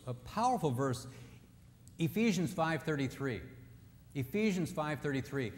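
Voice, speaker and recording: A man with a somewhat high voice gives a playful marriage seminar, acting out the people in his stories. He mixes jokes with scripture. His voice carries with a long echo through a large hall. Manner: jokey storyteller who acts out quotes. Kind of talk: humorous seminar talk with scripture. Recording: echoey hall.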